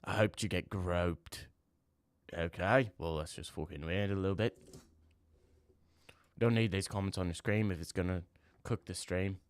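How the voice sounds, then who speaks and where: A man's voice: deep voice, steady tone, a little slow, long pauses, no room sound. A young man livestreaming, chatting casually with his viewers and trash-talking them in slangy, rambling bursts. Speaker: livestreamer reading chat. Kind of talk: casual live-stream chat.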